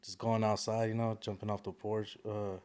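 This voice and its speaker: This podcast guest, a young rapper from East Palo Alto, California, has a clean tone and a somewhat low voice. He keeps things laid-back with lots of slang, frequent "you know what I'm saying" fillers, and short laughs.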